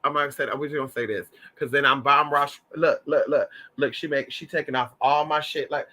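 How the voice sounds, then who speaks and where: A man's voice: fairly high pitch, fairly quick, few pauses, pushed and bright. A man chatting casually to his viewers in a sassy, flamboyant way, swearing freely and calling them honey. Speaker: vlogger. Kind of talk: casual livestream chat.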